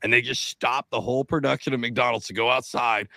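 A man from Seattle in his middle years, talking loosely and profanely on a podcast and mimicking the voices of people in his stories. His voice is gravelly and the recording is close and dry. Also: mid-range voice, fairly even intonation, brisk, sharp tone, dry recording. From Seattle, Washington. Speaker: podcast co-host. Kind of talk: casual podcast chat.

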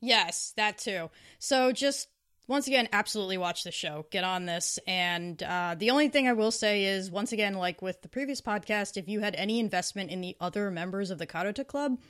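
A podcast co-host talks casually and enthusiastically about shows, sometimes acting out the characters' lines she quotes in this review chat. Her voice is medium-pitched, brisk and fairly bright.

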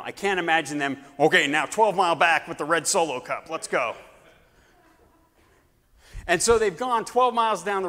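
A male preacher retells a story with lively, acted-out energy, dropping to hushed tones and rising again. His slightly high voice carries long reverb from a large hall. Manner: animated, acts out scenes, swings between shouting and hushed tones. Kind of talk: sermon storytelling.

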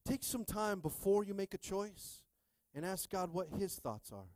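A man's voice: sits high, big pitch swings, unhurried, no echo. Man preaching with call-and-response. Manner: call-and-response preaching, swings from quiet to shouting. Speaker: pastor. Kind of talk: sermon.

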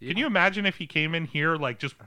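A man talks through a film in loose, casual podcast banter with a very bright, tense edge to his voice. He rambles, doubles back and fills gaps with "um" and "uh," and sits a touch higher than most men. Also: expressive, fast talker. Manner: rambling, full of fillers and restarts. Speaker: podcast co-host. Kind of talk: casual movie review chat.

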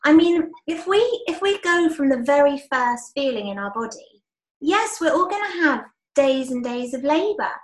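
A woman co-host speaking enthusiastically in casual conversation, quick to affirm the other speaker. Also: high-pitched, animated. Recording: echoey room.

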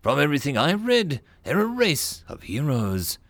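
A man's voice: on the high side, wildly swooping pitch, normal speed, creaky, dry recording, voice pushed up, heavily acted. A man voicing an earnest male alien crewman in an audiobook story.

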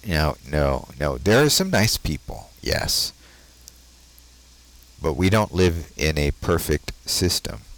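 A man from the United States hosting an occult talk show, delivering a deliberate, preachy monologue full of rhetorical questions. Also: deep voice, no room sound, rough recording. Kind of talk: solo monologue commentary.

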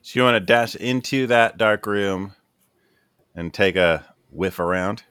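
Low-voiced man running a tabletop game. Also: unhurried, a bit bright, clear, resonant tone, no echo, clean studio sound. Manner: loose, hesitant narration with many fillers. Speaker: game master.

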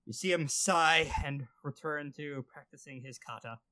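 A man running a tabletop game as game master, lively and quick to laugh, swearing now and then. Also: a little high.

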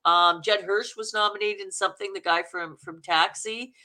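Chatty Canadian woman, bright voice. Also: medium pitch, steady tone, normal speed. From Manitoba, Canada. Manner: chatty, rambling, laughs often. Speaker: guest, actor and acting coach. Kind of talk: casual interview chat.

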